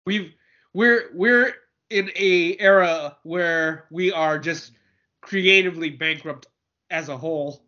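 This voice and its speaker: A man's voice: on the high side, slow pace, pushed and bright, muffled recording. A man co-hosting a podcast in a casual, joking chat, often repeating words as he starts a thought. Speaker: podcast co-host.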